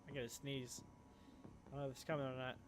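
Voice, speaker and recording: A man's voice: medium pitch, level tone, fast talker, noisy background. A man casually reading game text aloud and joking as he plays. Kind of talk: let's play commentary.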